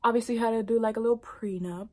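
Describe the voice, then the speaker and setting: A woman vlogger casually telling a personal story to camera, animated and dropping into whispered asides. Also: on the high side, quick pace.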